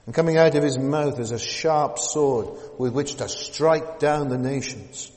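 Dramatic preacher in a reverberant hall. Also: male voice, mid-range voice, measured pace. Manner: dramatic, swings from loud declaiming to hushed whispers; conversational asides with tag questions. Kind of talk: sermon.

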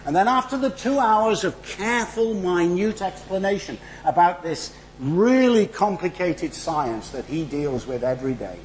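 A middle-aged man with a northern English accent preaches in church, his fairly high voice swooping animatedly. He keeps a conversational, wry tone with asides. Then he builds to emphatic, rhythmic runs, and a faint hum sits behind him. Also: unhurried, hardly any pauses, rough recording. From northern England. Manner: animated, rising to emphatic rhetorical build-ups. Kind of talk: sermon.

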